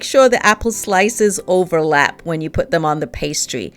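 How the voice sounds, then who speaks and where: A woman's voice: on the low side, lively intonation, moderate pace, few pauses, a bit bright, faint music behind. A woman vlogger chatting casually and cheerfully about how her baking turned out. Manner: chatty, self-assessing, upbeat. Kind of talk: casual baking vlog chat.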